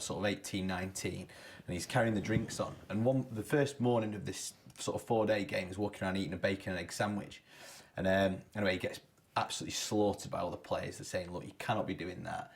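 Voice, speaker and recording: A man's voice: low-pitched, steady tone, quick pace, creaky. A man co-hosting a local sports show, telling stories and running through sports news in a chatty way. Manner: chatty storyteller, laughs often. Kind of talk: casual studio chat and news roundup. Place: local TV studio.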